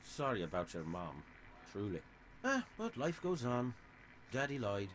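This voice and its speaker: An actor with an Irish accent playing a sly, theatrical middle-aged saloon owner in a video game. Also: male voice, mid-range voice, wildly swooping pitch, unhurried, slight background noise. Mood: smug. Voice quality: theatrical, smug and oily.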